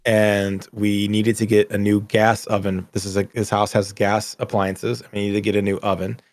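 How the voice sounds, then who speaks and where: A man's voice: fairly low pitch, flat delivery, normal speed, dry recording. A man hosting a gaming podcast in casual chat, telling long rambling stories with frequent self-corrections. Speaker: podcast host.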